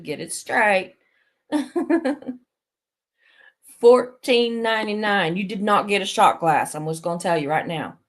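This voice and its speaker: A rambling, chatty woman with a drawl talks straight to her livestream viewers in a lower voice. She reads the chat aloud and laughs often, as if catching up with friends over coffee. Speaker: live stream host.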